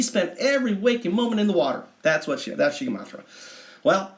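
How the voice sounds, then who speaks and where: A man telling a mythic story on a livestream, meandering and halting with many asides. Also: fairly high pitch, big pitch swings. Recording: echoey room.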